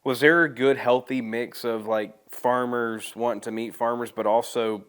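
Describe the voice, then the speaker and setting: A man's voice: mid-range voice, steady tone, normal speed, fairly bright tone, smooth. A man hosting a casual podcast interview, easygoing and slangy as he asks questions. His voice sits mid-range for a man. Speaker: podcast host.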